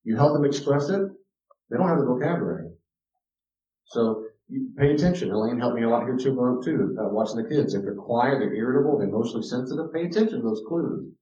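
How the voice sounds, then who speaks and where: A man's voice: mid-range voice, lively intonation, quick pace, warm tone. A man giving a teaching talk on parenting, emphatic and direct, repeating key words to his listeners. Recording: roomy, distant, dull lo-fi sound.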